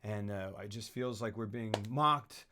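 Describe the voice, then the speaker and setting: A man co-hosting a film podcast, excitedly retelling scenes and acting them out with put-on voices and sound effects. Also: fairly low pitch, unhurried, background noise. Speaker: podcast co-host.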